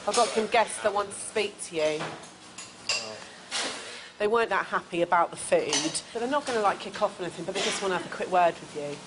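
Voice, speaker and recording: A woman's voice: mid-range voice, fairly quick, background noise. A woman, a hotel manager talking bluntly and in slang while serving in a busy restaurant. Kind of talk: reality documentary, on-the-job talk.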